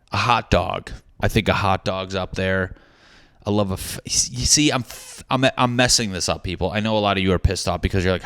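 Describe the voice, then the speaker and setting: A man's voice: low-pitched, fairly bright tone, clear, resonant tone, dry recording, studio quality. A man hosting a solo comedy podcast, rambling and joking crudely with many restarts. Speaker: podcast host.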